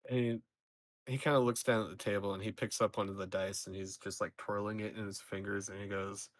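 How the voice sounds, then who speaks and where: A man narrating a tabletop game as its game master. His voice sits on the low side, and his narration is loose and full of fillers. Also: little pitch movement, a little fast.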